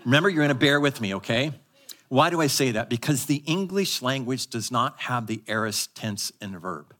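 At a church service, a man preaches live with a medium-pitched, sharp, animated voice. He teaches with emphasis, has the congregation echo words back, and alternates quick asides with slow, weighted phrases.

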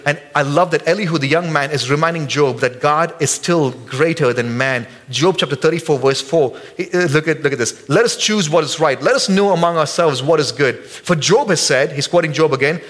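A man preaching a sermon as pastor in a church service, casual and joking with the congregation, jumping high in pitch when acting out quotes. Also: brisk, few pauses, fairly bright tone.

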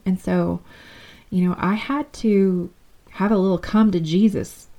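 Candid woman with a gravelly, dark voice. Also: on the low side. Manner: candid, affectionate, talks straight to listeners. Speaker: podcast host. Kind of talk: solo podcast monologue.

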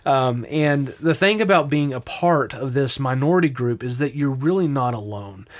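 A man co-hosting a faith podcast, speaking at a middle pitch. He talks reflectively, often restarting his sentences as he works through a thought. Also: animated, moderate pace. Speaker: podcast co-host. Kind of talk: casual Christian podcast discussion.

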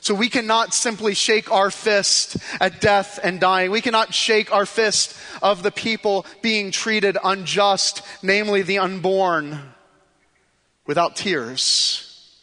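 A man preaching a sermon to his church, passionate, swinging from hushed pleas to forceful declarations. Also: sits high, fairly even intonation, takes it slowly, long reverb tail. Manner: impassioned, shifts between soft hushed pleas and rising forceful declarations. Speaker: pastor. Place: church sanctuary.

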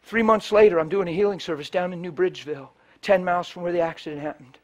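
Male preacher with a high voice, animated sermon storytelling. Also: quick pace, highs cut off. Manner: animated storyteller, swings from hushed to loud.

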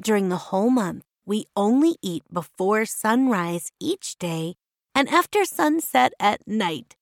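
A woman voicing a bright, curious eleven-year-old princess girl who speaks earnestly and sometimes shyly. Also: mid-range voice, animated, measured pace, creaky, no echo, studio quality.

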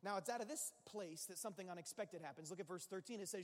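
A man preaching a sermon as pastor, animated, acting out people's inner voices and hammering phrases through repetition. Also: sits high, fast. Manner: animated, acts out quoted inner voices, repeats phrases for emphasis. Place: church sanctuary. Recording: long reverb of a large hall.

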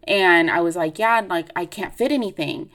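A woman's voice: lowish voice, normal speed, fairly bright tone. A woman in her late twenties hosting a podcast, telling a personal story in a chatty, confessional way with lots of fillers. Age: late 20s. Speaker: podcast host. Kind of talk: casual personal chat.

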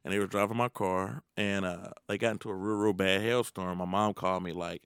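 A man's voice: lowish voice, a little fast, pushed and bright, smooth, dry recording, clean studio sound. A man co-hosting a podcast in casual, profane chat, joking animatedly and often mimicking the people he talks about. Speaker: podcast co-host.

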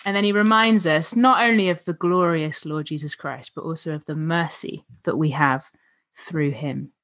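A woman's voice: low voice, normal speed, a bit bright, slight background noise. A woman co-hosting a casual Bible study discussion, thoughtful and affirming, often checking in with tag questions. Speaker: co-host discussing a Bible passage.

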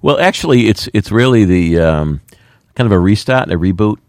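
A man's voice: fairly low pitch, expressive, normal speed, a little mellow, no room sound, studio quality. A middle-aged man, a mayor speaking in a plainspoken, folksy way with plenty of fillers. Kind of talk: radio interview talk.

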